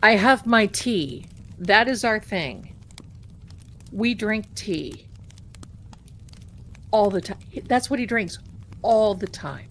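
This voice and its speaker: Slow-talking chatty American woman livestreamer. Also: medium pitch, expressive, a little hiss or hum. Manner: slow, chatty, repeats herself, drops to a whisper. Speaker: livestream host. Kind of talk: casual livestream chat.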